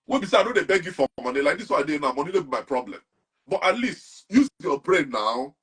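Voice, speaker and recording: A man's voice: on the high side, sing-song, quick pace, fairly bright tone, breathy edge. A young man with a Nigerian accent, talking animatedly as an interview guest and mixing Pidgin with English. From Nigeria, Anambra. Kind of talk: casual interview talk.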